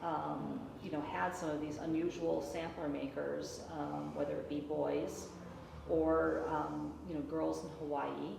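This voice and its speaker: Very low, gravelly woman host in a noisy hall. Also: flat delivery, unhurried. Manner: interjecting, affirming. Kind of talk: interview. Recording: roomy hall with background noise.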